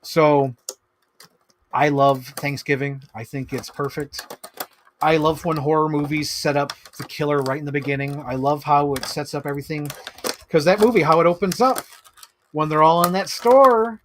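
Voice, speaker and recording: A man chatting casually on a live stream about his toy collection, excitable and rambling, swearing freely. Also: on the high side, moderate pace, slight background noise.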